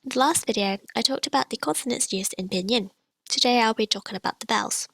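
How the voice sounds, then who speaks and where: A woman teaching pronunciation in a scripted online lesson, patient and clear as she demonstrates each sound. Her voice sits a little high and has a gravelly, fried edge. The recording is close and dry, with no room sound. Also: fast talker, a bit bright, no room sound. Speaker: language teacher.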